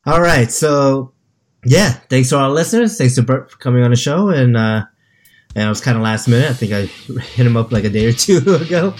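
A man's voice: mid-range voice, brisk, soft background music. A man co-hosting a hobby podcast in casual chat, laughing often and joking around. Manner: laughs often, animated banter. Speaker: podcast co-host.

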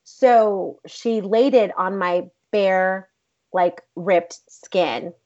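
Blunt, animated woman telling a story. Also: medium pitch, very slow. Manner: blunt, profane, animated retelling. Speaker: actress, interview guest. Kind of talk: casual storytelling. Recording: dull lo-fi recording.

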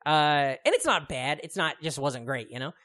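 A man's voice: fairly high pitch, moderate pace, bright, forceful tone. A man in his thirties co-hosting a podcast, chatting casually in a rambling, profane way, with lots of fillers and frequent laughs. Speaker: podcast co-host. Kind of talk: casual chat.

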